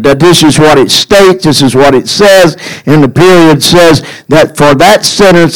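A man preaching a sermon in a folksy, deliberate way, building to a rising, emphatic cadence. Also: fairly high pitch, poor audio.

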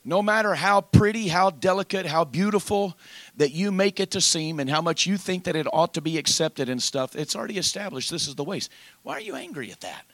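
A man preaching, voicing God as a stern, wounded figure who quietly rebukes and questions a man. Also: on the high side, animated, dry recording, pitched below the performer's own voice. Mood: aggrieved. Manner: slow, aggrieved, quietly rebuking.

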